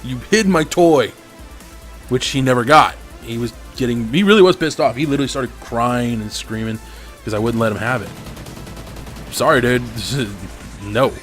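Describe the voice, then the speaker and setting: A man's voice: medium pitch, normal speed, a bit bright, soft background music. A man venting with lots of swearing while commenting over his gameplay. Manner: profane, venting, angry. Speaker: gaming commentator.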